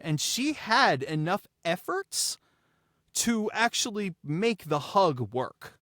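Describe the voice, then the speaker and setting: A man, the writer and director, talking through his episode in a casual behind-the-scenes chat, emphatic and heartfelt, tripping over repeated words when excited. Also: high-pitched, slow pace, dry recording, clean studio sound.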